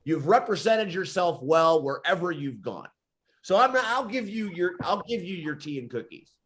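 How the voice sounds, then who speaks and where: A man's voice: sits high, very animated, normal speed, fairly bright tone. A man hosting a wrestling talk show, teasing his guests. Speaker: host.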